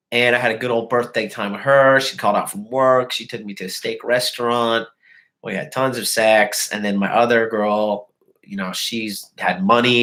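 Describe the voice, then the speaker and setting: A man's voice: medium pitch, fairly bright tone, rough recording. A man hosting a live show and casually telling a crude, profane story to his chat, mocking the people in it with put-on voices. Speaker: host.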